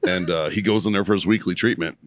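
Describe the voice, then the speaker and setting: A man's voice: sits low, quick pace, no room sound, studio quality. A young man, a podcast co-host, telling a rambling story in casual chat, swearing and laughing often.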